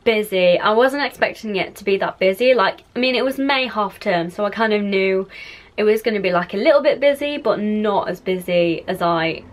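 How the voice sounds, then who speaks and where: A woman's voice: medium pitch, normal speed. A young woman vlogging a casual recap, talking in a rambling, chatty way full of fillers. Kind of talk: casual monthly recap vlog.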